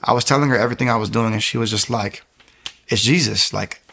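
A man telling his personal faith story in a casual, animated way, acting out the people he quotes. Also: mid-range voice, quick pace, gravelly, slight background noise. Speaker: testimony speaker.

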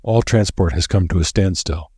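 A man's voice: sits low, darkish tone, breathy edge, no room sound, studio quality. A man voicing a grim, solemn old professor who lays out grave warnings in a storybook reading. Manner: grave and deliberate.

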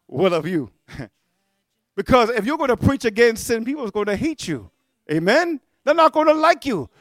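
A man preaching a fiery sermon, calling out amen and hallelujah and shouting at his peaks. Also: extremely high pitch, expressive, moderate pace, dry recording, studio quality. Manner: mocks quoted figures in singsong voices.

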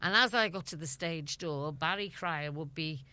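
Low-voiced Scouse woman telling stories. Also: moderate pace, sharp tone, dry recording. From Liverpool, England. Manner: chatty, laughs often, acts out dialogue. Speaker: guest. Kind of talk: storytelling interview.

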